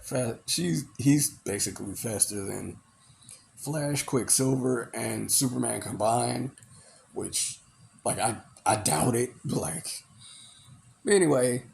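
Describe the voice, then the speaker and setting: Slow, gravelly man rambling. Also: medium pitch, darkish tone, slight background noise. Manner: rambling, full of "you know" and "like". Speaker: movie reviewer. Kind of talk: casual movie recap.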